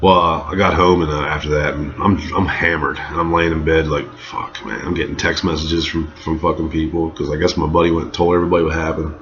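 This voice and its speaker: A man's voice: very deep voice, fast talker, few pauses. A man in his thirties telling a rambling, profane story from his own life in a casual monologue. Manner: profane, rambling, animated in quoted lines. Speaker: vlogger telling a personal story. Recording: dull lo-fi sound.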